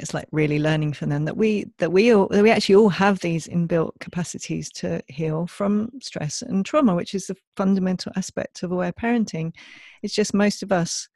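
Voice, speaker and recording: A man's voice: high-pitched, darkish tone, no echo, studio quality. A man co-hosting a podcast, thoughtfully agreeing with his co-host and building on her point in casual conversation. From Australia. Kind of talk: casual chat.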